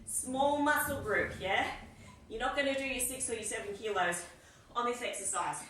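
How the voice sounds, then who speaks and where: An upbeat woman leads a weights workout, counting reps and cueing each breath. Her voice is very bright and sits fairly high. She sounds a bit away from the mic, in a room with a strong echo. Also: moderate pace, slight background noise. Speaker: fitness instructor. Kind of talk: live workout coaching. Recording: echoey room, mic at a distance.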